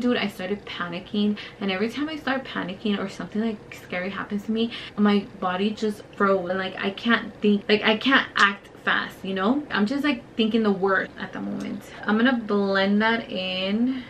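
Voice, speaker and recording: A woman's voice: mid-range voice, moderate pace, hardly any pauses, a bit bright, a little hiss or hum, poor audio. A young woman, telling a story in casual, profane, filler-heavy talk while doing her makeup on camera. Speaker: beauty vlogger.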